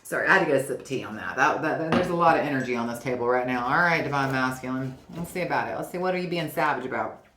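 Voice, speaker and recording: Low-pitched lady doing a chatty tarot reading, keeps saying okay, roomy echo. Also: racing, a bit bright. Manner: chatty, often ends with "okay?". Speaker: tarot reader. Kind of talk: casual tarot reading to camera. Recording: roomy echo, faint noise.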